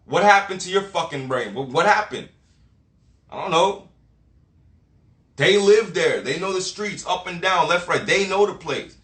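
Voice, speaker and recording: A man's voice: high voice, animated, a little slow, long pauses, a bit bright. A man delivering a blunt motivational rant full of swearing and street slang, lecturing the listener directly. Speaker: motivational vlogger. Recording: echoey room.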